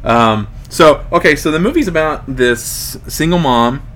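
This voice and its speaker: A man's voice: fairly high pitch, expressive, a little slow, a bit bright, slight background noise. A man in his late thirties hosting a casual podcast chat, joking and rambling with frequent ums. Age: 30s. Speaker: podcast host.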